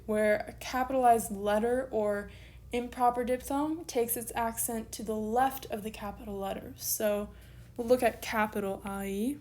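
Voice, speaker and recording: A woman's voice: a little high, a little mellow. A woman recording an online lesson, patiently spelling out letters one at a time as she explains. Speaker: teacher.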